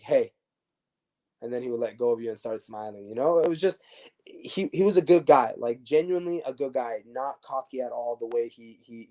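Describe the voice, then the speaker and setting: Mellow-voiced man telling stories, animated. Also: medium pitch. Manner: animated, many restarts and fillers. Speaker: former pro soccer defender, guest. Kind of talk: casual interview storytelling.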